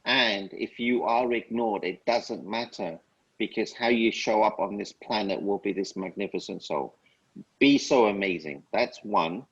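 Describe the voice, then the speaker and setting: A man as an interview guest, telling upbeat stories and giving slow, emphatic life advice. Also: lowish voice, breathy edge, muffled recording. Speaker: guest speaker. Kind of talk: casual interview chat.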